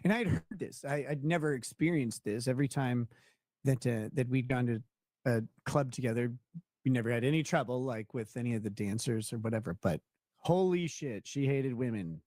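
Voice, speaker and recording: A man's voice: medium pitch, normal speed, darkish tone, no echo, clean studio sound. A young man hosting a casual talk show, telling a rambling anecdote with many restarts and laughing at his own tale. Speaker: show host. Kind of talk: casual storytelling chat.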